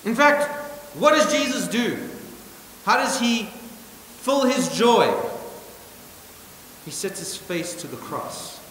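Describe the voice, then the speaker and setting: A male pastor preaching a sermon with emphatic points and wry asides, swinging from loud stresses to hushed remarks. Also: high-pitched, big pitch swings, takes it slowly, pauses often. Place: church hall. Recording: echoey church hall with hiss.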